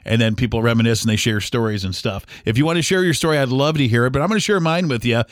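A man's voice: medium pitch, fast, dry recording. Chatty middle-aged man podcasting in a dry room. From United States. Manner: rambling, acts out remembered dialogue. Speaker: podcast host. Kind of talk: casual storytelling podcast.

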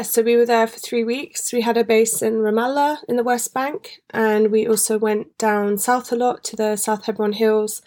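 A woman, hosting a podcast and talking through a recent trip in a rambling, emotional way with many fillers. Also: medium pitch. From England. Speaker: podcast host. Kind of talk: personal monologue.

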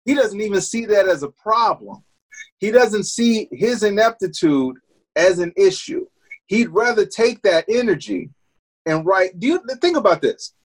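A man's voice: high voice, lively intonation, unhurried, rough recording. A man co-hosting a casual political chat, emphatic and profane, firing rhetorical questions. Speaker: podcast co-host.

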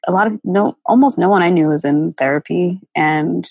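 Creaky, husky woman sharing her story. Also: on the low side, a little mellow, no echo, low-quality recording. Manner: halting, many fillers and restarts, emotional. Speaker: interview guest. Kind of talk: candid personal storytelling.

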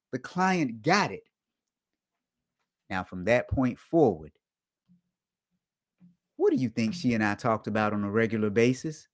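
Animated man hosting a casual talk. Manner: dry humor, repeats his points for emphasis; animated, jumps up in pitch and volume for emphasis. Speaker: host of an online show for auditors. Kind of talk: casual live-stream talk.

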